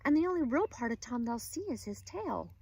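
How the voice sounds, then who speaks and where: A woman's voice: a little high, very animated, brisk, creaky, warm tone, slightly rough, voice pushed up, exaggerated voice. A woman voicing a tiny mother fretting over her son, reading a children's story aloud. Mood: wistful.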